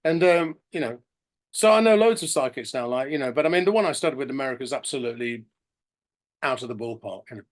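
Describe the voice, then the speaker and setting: A man's voice: medium pitch, lively intonation, fast. A middle-aged man telling long stories as a guest in a casual interview, often restarting his sentences and acting out what others said. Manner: rambling storyteller, many restarts and acted-out quotes. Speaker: podcast guest.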